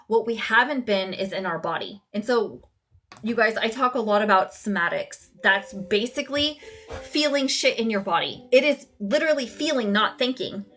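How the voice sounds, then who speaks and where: A woman's voice: medium pitch, animated, moderate pace, fairly bright tone, soft background music. A woman coaching viewers on a live stream, talking casually and bluntly, swearing freely and speaking straight to her audience. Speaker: somatic coach hosting a live session.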